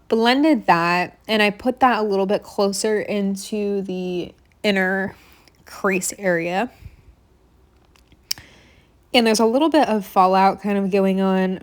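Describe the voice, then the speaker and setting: A young woman talks through her makeup steps in a loose, rambling voice-over recorded at home. She fills gaps with "like" and "um", wanders into side stories, and sounds a little short of breath. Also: mid-range voice. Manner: chatty, rambling, frequent fillers and asides. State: slightly out of breath. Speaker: makeup vlogger. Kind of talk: casual voice-over tutorial. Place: home apartment room.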